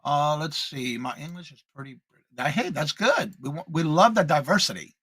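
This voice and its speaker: A man co-hosts a morning live stream in a bright, slightly high voice, recorded dry and close. He chats casually, reads viewer comments aloud and welcomes each viewer by name with the same greeting, all in an upbeat tone. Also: lively intonation, normal speed, husky, no echo.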